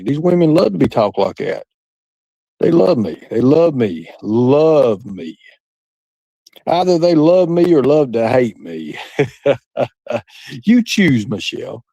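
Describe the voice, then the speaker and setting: Chatting casually with a live audience, a male livestream host comes across crude and boastful, rambling and laughing a lot. His fairly high voice swings widely in pitch at a moderate pace with a warm tone; there's no echo, and the highs are cut off.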